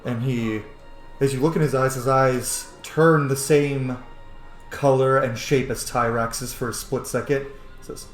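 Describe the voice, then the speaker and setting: A male game master narrating a tabletop role-playing game in a loose, rambling way. He talks at a slow, unhurried pace. His voice carries a roomy echo over faint music. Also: medium pitch, fairly even intonation. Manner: loose narration with frequent fillers.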